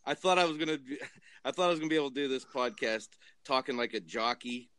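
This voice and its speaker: Male co-host, mid voice, close dry mic, deadpan jokes. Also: mid-range voice, fast talker, no room sound. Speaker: podcast co-host. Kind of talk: casual sports banter.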